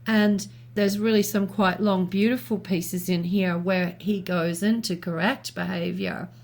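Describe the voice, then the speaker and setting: A woman co-hosting a talk show, reasoning aloud in a thoughtful, measured way with small restarts. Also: lowish voice. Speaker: podcast co-host. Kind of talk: reflective conversational commentary.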